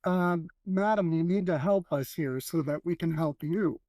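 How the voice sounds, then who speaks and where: A man's voice: fairly high pitch, a little slow, warm tone, dry recording, lightly acted. A man playing Brother Tiberius, polite cleric. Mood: earnest. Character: courteous male cleric, calm, coaxing.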